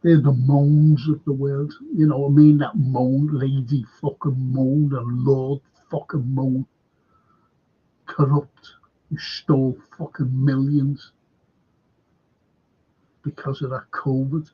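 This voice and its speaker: An older Liverpool man with a local accent hosts a livestream, wandering through anecdotes packed with fillers and swearing freely. His medium-pitched voice stays level and slightly rough, moving slowly with frequent pauses, and the audio sounds like it came through a phone.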